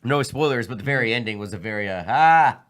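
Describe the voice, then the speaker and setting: Casual male co-host, quick and rambling, repeats himself. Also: on the low side, bright, forceful tone. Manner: rambling, repeats words, fillers. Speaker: podcast co-host. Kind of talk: casual chat.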